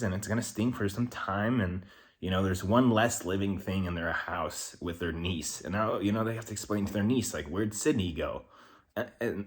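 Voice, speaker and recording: A vlogger with a very low voice talks to the camera in a loose, rambling monologue. Candid and reflective, he swears freely as he thinks aloud.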